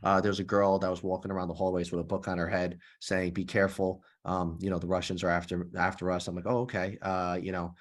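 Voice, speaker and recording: A man in his thirties, a former police officer, telling his story in a podcast interview in a lively, profane way, acting out the dialogue. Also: sits low, fast talker, hardly any pauses. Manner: animated, profane, acts out dialogue. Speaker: guest, nonprofit founder and former police officer.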